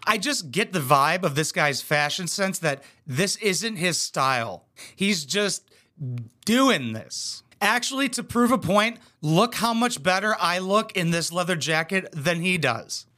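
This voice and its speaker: Sarcastic young man, bright voice. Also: high-pitched, expressive, measured pace. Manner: crude, sarcastic, mocking. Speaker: commentary host. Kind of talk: reaction commentary.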